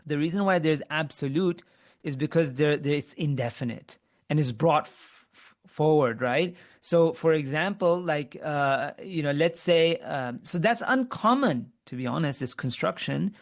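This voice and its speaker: A man's voice: a little high, lively intonation, measured pace. A man teaching Arabic grammar in an online webinar lesson, explaining step by step, quizzing his students and often restarting his sentences.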